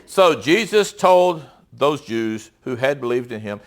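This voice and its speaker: A man preaching a sermon in a conversational way, reading scripture aloud, pausing and correcting himself as he goes. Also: mid-range voice, lively intonation.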